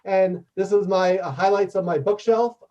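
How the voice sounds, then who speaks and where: A man presenting a workshop over a video call and answering questions, talking quickly and energetically in the manner of a professor and trainer. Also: sits high, steady tone, mellow. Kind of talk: webinar presentation and Q&A. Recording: dull distant video-call audio.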